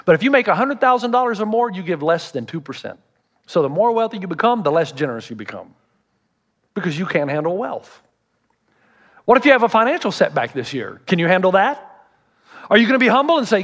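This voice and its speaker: A middle-aged male pastor preaching a sermon, animated and storytelling, acting out voices. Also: high-pitched, fairly quick. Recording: reverberant hall.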